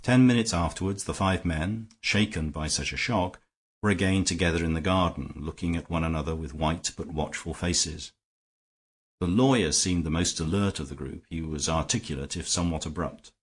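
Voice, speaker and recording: Low, husky male narrator reading a classic mystery audiobook steadily. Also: moderate pace. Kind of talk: scripted narration.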